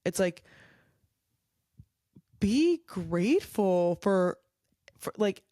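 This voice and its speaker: Blunt, low-voiced woman ranting casually. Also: fairly even intonation, measured pace, a little mellow, smooth, no room sound, studio quality. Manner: blunt, swears freely, many filler likes. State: tired, yawning late at night. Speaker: podcast host. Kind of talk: casual solo rant. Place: her home at night.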